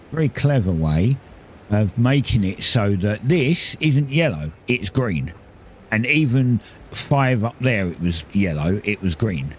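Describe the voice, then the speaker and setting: Low-voiced man rambling through gameplay. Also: a little hiss or hum. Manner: rambling, self-correcting, explains building steps. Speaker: gaming streamer. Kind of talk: casual gameplay commentary.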